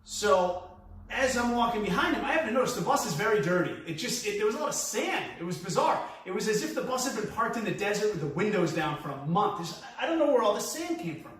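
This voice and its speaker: A man telling a stand-up story with a New York accent, acting out the voices of the people in it with big swings. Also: fast talker. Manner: animated, acts out quotes with big pitch swings. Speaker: comedian. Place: live stand-up venue. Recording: echoey room from far off.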